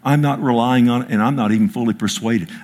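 Male pastor, husky mid-range voice, preaches with big dynamic swings and calls for amens. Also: mid-range voice, fast. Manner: dramatic preacher, swings from loud declaring to hushed whispers; quotes scripture and asks the crowd for amens. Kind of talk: sermon with audience interaction.

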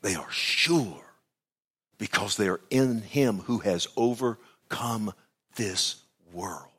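A man preaching a sermon at an early church service, telling a personal story and then praying, swinging from loud exclamations to hushed whispers. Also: on the low side, breathy edge. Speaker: pastor.

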